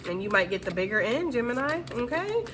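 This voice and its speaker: A woman's voice: fairly high pitch, sing-song, a little fast, a bit bright, slight background noise. A woman giving a casual tarot reading to her viewers, chatty and slangy, often reassuring them and checking in with "okay?". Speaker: tarot reader.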